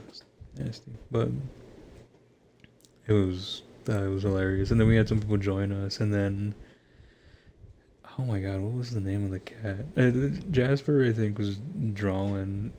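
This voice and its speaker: A young man with a gravelly, slightly low voice that sits dark and mellow rather than bright. He talks in a loose, rambling way, swears freely, laughs often and keeps restarting his sentences, like he's catching up with friends at home. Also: fairly even intonation, a little slow, slight background noise. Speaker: gamer talking to viewers. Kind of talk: casual rambling chat.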